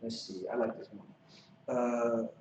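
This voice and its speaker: A man teaching a language class in a relaxed, halting way, with many fillers and restarts. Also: medium pitch. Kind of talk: casual classroom instruction. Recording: echoey, distant, dull lo-fi recording with some noise.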